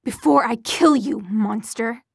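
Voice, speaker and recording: Woman playing terrified mother, rough strained voice, near screaming, shrill, close dry sound. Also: unhurried, no room sound, exaggerated voice. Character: terrified, furious mother shouting through a door.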